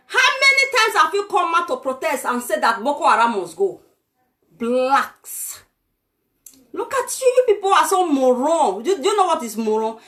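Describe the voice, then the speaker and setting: A woman's voice: sits high, fairly bright tone, exaggerated voice. A Nigerian woman doing a comic impression of an arrogant, self-styled "lady of truth" who rants scornfully at her audience. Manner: mocking, scornful ranting with laughs.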